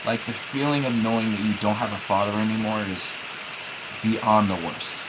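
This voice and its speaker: A young man livestreaming, speaking haltingly as he holds back tears, with many restarts and repeated words. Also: on the low side, steady tone, very noisy. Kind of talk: emotional livestream talk.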